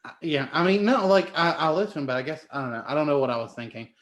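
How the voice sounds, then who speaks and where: A man's voice: fairly high pitch, animated, quick pace, a bit bright, echoey room. A man playing a tabletop game, talking casually and hesitantly with many fillers as he describes his character's moves. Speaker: player.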